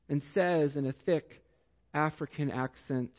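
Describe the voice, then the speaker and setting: A pastor with a slightly high voice delivers a sermon in a church sanctuary, unfolding a story with slow, deliberate pacing and long pauses. The recording is dull and lo-fi, with echo from the hall.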